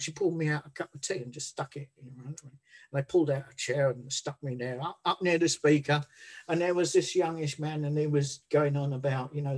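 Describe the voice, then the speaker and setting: A man telling his recovery story in a blunt, rambling way, swearing freely and restarting his sentences. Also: on the high side. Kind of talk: candid personal storytelling.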